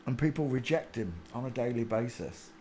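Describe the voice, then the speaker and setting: A man hosting a live stream, rambling through a monologue and now and then bursting into excited shouts. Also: medium pitch, normal speed, slight background noise. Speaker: livestream host.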